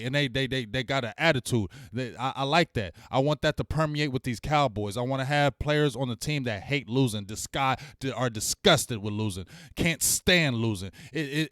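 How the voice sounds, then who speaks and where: A man's voice: mid-range voice, a bit bright, no echo, clean studio sound. A man hosting a casual sports talk show, speaking in an emphatic, slangy way and repeating his points for effect.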